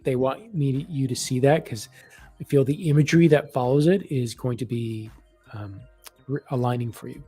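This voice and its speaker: A man hosting a live online reading, talking casually with warm affirmations and many restarts. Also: medium pitch, breathy edge. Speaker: psychic reader hosting a live event.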